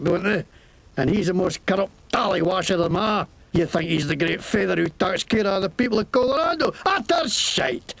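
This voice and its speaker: An actor playing a foul-mouthed, boastful Scottish petty crook with a Scottish accent in a video game, talking in a rambling, crude way. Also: male voice, very high-pitched, creaky, a bit bright, breathy edge, heavily acted, low-quality recording.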